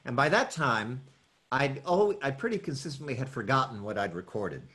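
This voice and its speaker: A man's voice: mid-range voice, big pitch swings, moderate pace, sharp tone. A man guesting on an interview show as a voice actor, chatting casually in a rambling way with frequent laughs.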